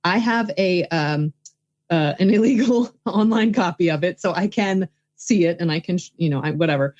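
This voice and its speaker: A woman's voice: lowish voice, moderate pace, a little mellow. Enthusiastic woman on a dull line. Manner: enthusiastic, rambling with many fillers. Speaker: guest, filmmaker and writing coach. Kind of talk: casual interview chat.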